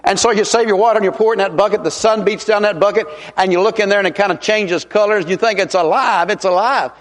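A middle-aged evangelist preaches a revival sermon in a folksy, emphatic manner, drawing out key words. His voice sits high with a steady tone, and the long reverb of a large hall surrounds it.

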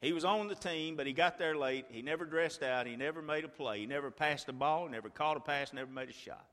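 A man preaching a sermon, retelling a story like a play-by-play and swinging from a hush to a shout. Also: a little high, brisk, big-room sound.

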